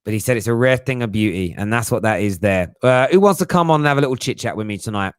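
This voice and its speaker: A man's voice: on the low side, expressive, fast talker, clear, resonant tone, no room sound, studio quality. A young man hosting a casual live chat, jokey and slangy, laughing often. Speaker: livestream host.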